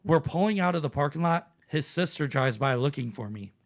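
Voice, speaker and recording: A man's voice: a little high, expressive, fairly quick. A man hosting a podcast, telling a story in casual, profane chat. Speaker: podcast host.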